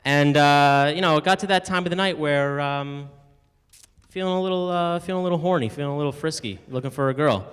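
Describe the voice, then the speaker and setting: A man's voice: a little high, brisk, fairly bright tone. Young man doing stand-up in an echoey room. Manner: loose storytelling, acts out voices for punchlines. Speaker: stand-up comedian. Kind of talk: stand-up comedy set. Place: comedy venues, in front of a live audience. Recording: echoey room, distant mic, noisy.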